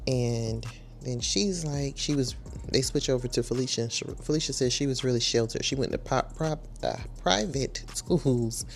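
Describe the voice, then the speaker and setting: Woman recap host with a chatty, scolding tone over soft background music. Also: rumbling low, moderate pace, vocal fry. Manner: chatty, slangy, scolds the people on the show. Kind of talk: casual recap commentary.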